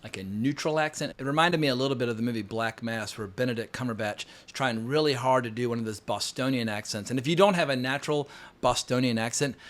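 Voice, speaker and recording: A man giving a casual, opinionated film review, blunt and quick to swear. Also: medium pitch. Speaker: film critic.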